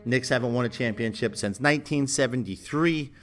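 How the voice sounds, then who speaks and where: A man's voice: mid-range voice, a little fast, a bit bright, faint music behind. Emphatic New man ranting. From Brooklyn, New York. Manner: emphatic, argumentative, rhetorical questions. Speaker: sports commentary channel host. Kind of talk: opinionated basketball rant.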